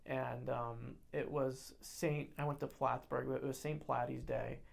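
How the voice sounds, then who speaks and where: Young woman co-host, low and gravelly, rambling animated anecdotes with fillers. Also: measured pace. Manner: animated, acts out quoted voices loudly; many fillers and restarts. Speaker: podcast co-host. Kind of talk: casual storytelling chat.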